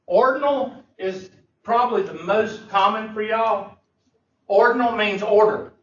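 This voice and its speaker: In an echoey, muffled classroom recording made from a far room mic, a high-voiced man lectures on math at a measured pace. He's a math instructor who keeps things joking and folksy, drawling his Southern phrasing.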